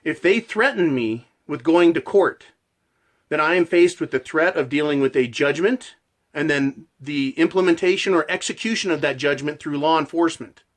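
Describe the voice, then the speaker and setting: Guy ranting hard, loud and passionate, swears a lot, voice a bit high. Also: moderate pace. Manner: forceful, passionate, profane. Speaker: channel host. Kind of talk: ranting monologue.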